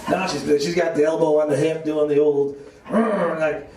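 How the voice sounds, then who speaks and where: A man's voice: a little high, little pitch movement, a little fast, warm tone, far from the mic. A man doing a stand-up comedy set on a club stage, telling rambling self-deprecating stories to an audience that laughs along. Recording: echoey club, voice off-mic, crowd laughter.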